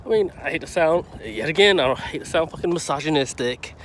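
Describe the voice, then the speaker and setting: A man's voice: fairly high pitch, lively intonation, fast, fairly bright tone, slight background noise. A man giving a casual, profane and heated movie review, rambling and swearing as he goes.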